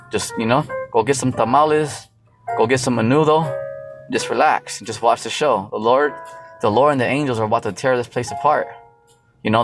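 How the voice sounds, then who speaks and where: A man preaching from the Bible in a loose, casual way, full of fillers and profanity. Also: medium pitch. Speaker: street preacher.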